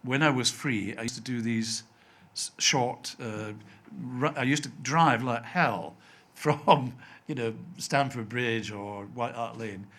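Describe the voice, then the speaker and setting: An older man from Scotland with a softened Scottish accent, a TV writer telling anecdotes as an interview guest and acting out the voices of people he quotes. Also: mid-range voice, slow pace. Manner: chatty storyteller, acts out quoted voices, laughs often.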